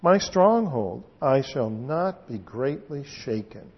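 A man preaching a sermon and teaching through scripture, unhurried, with frequent fillers. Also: mid-range voice, very animated, husky, muffled recording. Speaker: pastor.

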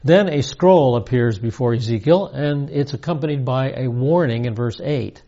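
A man's voice: medium pitch, moderate pace, mellow, muffled recording. A man giving a verse-by-verse Bible teaching, emphatic and repeating key points with rising stress.

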